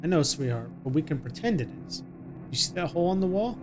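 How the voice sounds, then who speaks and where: A man voicing a frightened young mother who talks to her little son in a hushed, soothing way, reading game dialogue aloud. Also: fairly high pitch, expressive, fast, lightly acted. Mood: hushed, coaxing. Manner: hushed and soothing, coaxing a child.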